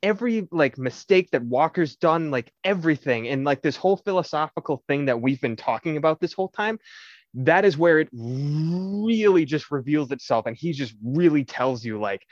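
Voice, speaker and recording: A young man, a podcast co-host, retelling a story in casual chat, animated and swearing often while acting out quotes. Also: a little high, moderate pace, no room sound. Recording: slightly dull, dry recording.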